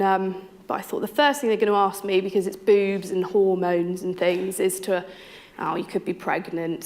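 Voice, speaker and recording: A woman, telling a personal story candidly and frankly, acting out quoted thoughts and voices. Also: mid-range voice. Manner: candid, frank, lively quoting of others and herself. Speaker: interviewee telling her story.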